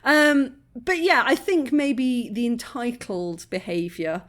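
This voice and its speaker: A woman's voice: a little high, slow pace. Chatty British woman reacting to a video. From Britain. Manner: chatty, digressive, laughs often. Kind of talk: casual commentary.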